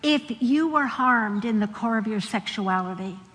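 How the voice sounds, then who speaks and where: A woman telling stories in a sermon, animated and laughing often as she acts out the people in them. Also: on the high side, a little slow. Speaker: Christian speaker. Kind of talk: sermon storytelling. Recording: long hall reverb.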